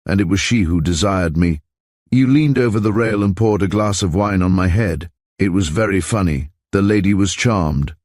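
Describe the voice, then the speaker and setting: A man's voice: sits low, normal speed, darkish tone, no echo, studio quality. A man voicing a haughty foreign nobleman with a German accent and stiff, formal phrasing. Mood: amused.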